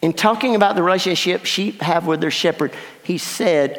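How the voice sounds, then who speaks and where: High-voiced man preaching in a reverberant hall. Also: moderate pace, few pauses. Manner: dramatic, swings between hushed and exclaiming. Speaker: pastor. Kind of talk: storytelling sermon. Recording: long reverb of a large hall.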